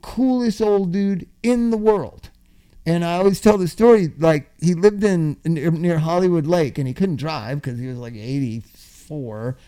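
An older man telling a long, funny story in a casual chat, swearing freely, laughing often and acting out his own yelling. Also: on the high side, measured pace, clear, resonant tone.

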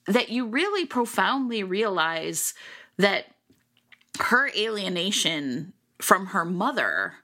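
Bright, chatty woman podcast co-host. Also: mid-range voice, slow pace. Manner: animated, rambling with many fillers. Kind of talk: casual book-discussion chat.

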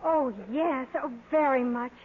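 A woman's voice: sits high, fairly even intonation, a little slow, phone-quality sound. An actress playing a blunt, nosy teenage girl in a 1940s radio play, earnest and girlish, on a scratchy old broadcast.

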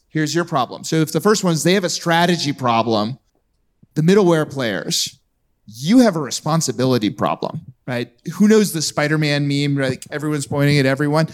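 A man speaking bluntly and jokingly on a live podcast panel at a conference, throwing out provocative hot takes. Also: on the high side.

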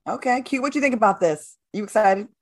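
A woman's voice: medium pitch, animated, brisk. A woman hosting a chat show, reading news items and putting questions to her co-hosts. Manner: steers the talk, poses questions. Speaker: host.

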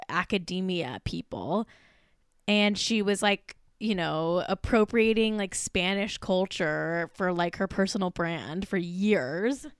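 A woman co-hosting a podcast gossips casually about celebrities, swearing often and saying "like" constantly. Her medium-pitched voice is slightly bright and clean, captured in a clean studio with no room sound.

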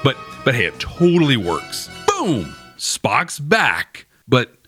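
A man's voice: mid-range voice, sing-song, slow pace, bright, forceful tone, faint music behind. A man hosting a podcast, giving a chatty, wry recap of a TV episode. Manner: chatty and wry, laughing at his own jokes. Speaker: podcast host. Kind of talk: casual episode review narration.

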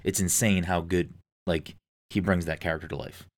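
A man's voice: low voice, fairly even intonation, moderate pace. A man chatting casually and enthusiastically, swearing often and using lots of fillers. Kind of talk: casual podcast chat.

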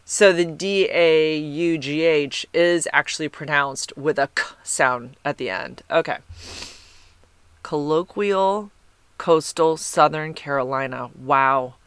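A woman's voice: deep voice, takes it slowly, clean tone, dry recording. A woman hosting a podcast, reading listener comments in a rambling, chatty way and correcting herself as she goes. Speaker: podcast host.

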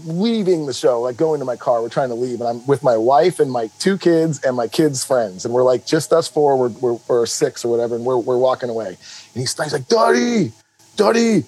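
A middle-aged man co-hosting a podcast, telling stories in an animated, rambling way full of restarts. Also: mid-range voice, brisk, low-quality recording. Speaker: podcast co-host. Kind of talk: casual chat.

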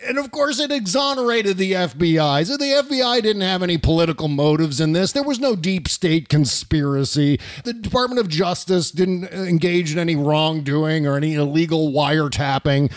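A man's voice: fairly high pitch, animated, normal speed, hardly any pauses, no room sound. A man hosting a political talk show, brash and sarcastic, swearing as he rants. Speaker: show host.

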